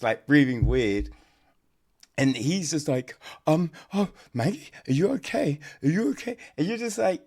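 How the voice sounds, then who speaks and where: Gravelly, unhurried male podcast reviewer. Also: mid-range voice. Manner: rambling, conversational, peppered with "right?" and "you know"; blunt, swears for emphasis. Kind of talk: casual podcast chat.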